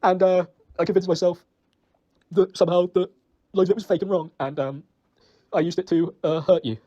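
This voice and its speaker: A man's voice: high voice, fairly even intonation, a little fast, dark tone, highs cut off. A young British man in a recorded personal voice message, rambling and reproaching himself, emotional and choked up, swearing often. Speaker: ex-boyfriend leaving an apology message.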